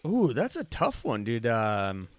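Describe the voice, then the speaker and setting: A man's voice: mid-range voice, huge pitch swings, slow. A man co-hosting a podcast in casual chat, rambling with many fillers and calling his friend "dude". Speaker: podcast co-host.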